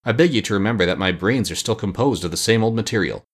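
A man's voice: fairly low pitch, fast talker, natural voice. A man voicing a proud, noble scarecrow's head with a hollow voice, in an audiobook reading. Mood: grateful. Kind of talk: storybook reading.

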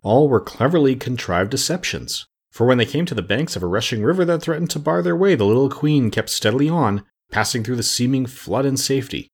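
A man reading a storybook aloud in a measured, steady narration. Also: mid-range voice, husky. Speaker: audiobook narrator.

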